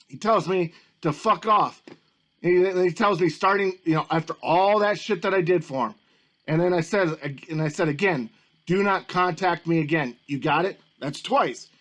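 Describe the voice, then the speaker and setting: A man's voice: high voice, a bit bright. A man ranting angrily in a commentary video, swearing heavily and repeating himself as he gets worked up. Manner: profane, agitated, repetitive. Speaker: YouTube commentator.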